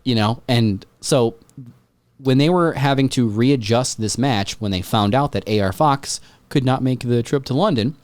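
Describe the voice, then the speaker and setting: A man hosting a podcast in casual chat, rambling and excitable, swearing freely. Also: mid-range voice, normal speed, dry recording. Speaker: podcast host.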